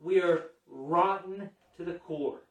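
A man delivering a sermon in a fairly high voice, slow and deliberate, building to forceful emphasis and then falling quiet. The sound is roomy and echoing, as though the mic sits some way off. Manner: emphatic, dramatic swings from hushed to raised. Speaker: preacher. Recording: echoey room, mic at a distance.

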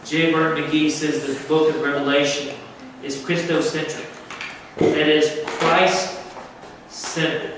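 A man delivers a sermon at an unhurried, deliberate pace, leaning on key words and sinking into hushed passages. His voice sits a little high for a man. The sound is very reverberant and distant, with faint noise behind it. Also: flat delivery. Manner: slow, emphatic preaching with dramatic drops to a hush. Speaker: pastor. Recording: echoey room, from far off, faint noise.

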